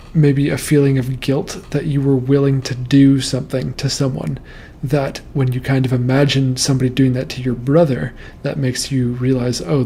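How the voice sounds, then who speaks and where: Gravelly, flat-voiced man, calm and measured. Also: medium pitch, a little hiss or hum. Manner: calm, measured, reassuring explanations. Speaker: host reading and interpreting nightmares. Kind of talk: casual commentary on listener dream posts.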